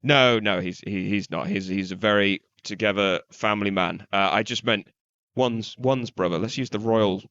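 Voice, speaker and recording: Male podcast co-host, low voice, dull lo-fi mic, hesitant and loose. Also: moderate pace, fairly bright tone, smooth, dry recording. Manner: hesitant, loose, many restarts and fillers. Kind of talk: casual podcast chat.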